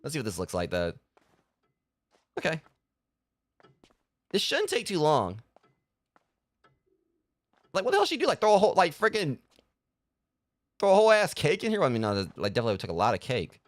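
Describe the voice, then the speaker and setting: A man's voice: a little high, huge pitch swings, a little fast, pauses often, no echo. A man streaming a video game and chatting casually about it, rambling with lots of filler words and restarts. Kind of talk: casual gameplay commentary.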